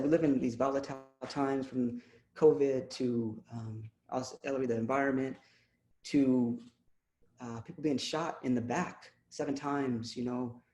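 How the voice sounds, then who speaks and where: A man reads his poems aloud over a video call, his voice dark and mellow. He speaks in a measured way, pausing with ums between pieces, and the call audio is echoey. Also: mid-range voice. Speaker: poet reading his work. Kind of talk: poetry reading with spoken introductions. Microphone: computer mic on a video call.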